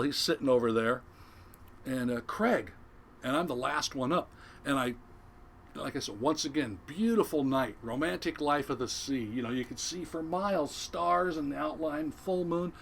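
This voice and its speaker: Older retired fisherman, guest storyteller, lively yarn-spinner who acts out voices, even-pitched man's voice. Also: slight background noise. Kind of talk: casual storytelling.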